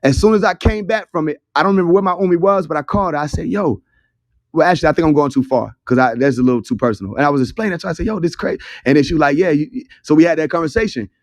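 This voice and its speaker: In rapid-fire bursts with hardly any pauses, a young man with a slightly high voice tells a loose, profane story while hosting an online audio room over his phone. There's no room sound; the quality is studio-like.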